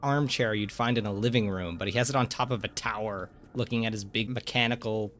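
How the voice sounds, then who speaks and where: A man's voice: on the low side, brisk, faint music behind. A man chatting casually and joking while playing a game with a friend. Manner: joking, animated. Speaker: gamer. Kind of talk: casual let's-play chat.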